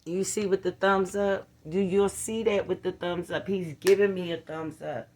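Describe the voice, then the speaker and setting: A woman's voice: on the low side, fairly even intonation, normal speed, darkish tone, slight background noise. A middle-aged woman, talking straight to her viewers in a casual vlog, earnest and blunt, often checking in with them. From Philadelphia. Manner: earnest, blunt, preachy, with frequent "you feel what I'm saying" asides. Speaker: vlogger. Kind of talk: casual direct-to-camera vlog.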